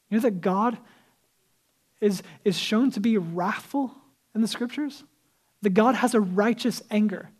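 A man's voice: high voice, a little mellow. A male pastor preaching a sermon in a casual, conversational way, acting out the people he quotes and dropping to a whisper for emphasis.

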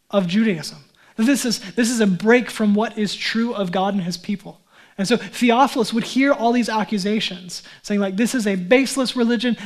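A man, a pastor, preaching a sermon in a conversational way, often asking and answering his own questions. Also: high voice.

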